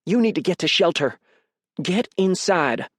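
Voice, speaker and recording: A man's voice: a little high, slow, no echo, clean studio sound, voice pushed up. A man voicing an anxious mother on the phone, urging her son to take shelter. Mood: urgent.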